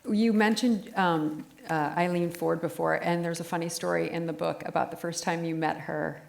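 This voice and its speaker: A woman interviewing a guest in a relaxed onstage conversation, chatting casually and affirming her guest often. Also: lowish voice, normal speed, gravelly, slight background noise. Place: live talk event on stage.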